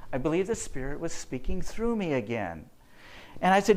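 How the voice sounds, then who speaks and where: Lively earnest man telling stories. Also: high voice, normal speed. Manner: earnest storyteller, acts out quotes. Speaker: physician speaking to health workers. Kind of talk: faith-based lecture with stories.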